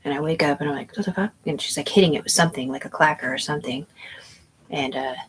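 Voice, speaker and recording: Low-voiced woman telling a rambling story. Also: fairly even intonation, fast, a little hiss or hum, poor audio. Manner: profane, meandering, full of fillers and restarts. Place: indoors at home.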